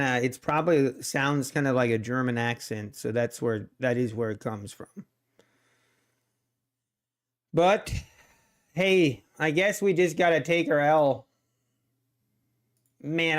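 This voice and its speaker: A man's voice: medium pitch, takes it slowly, pauses often. A man in his thirties with a Pennsylvania Dutch accent, rambling and thinking aloud while commenting on his live trading. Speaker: day trader streamer.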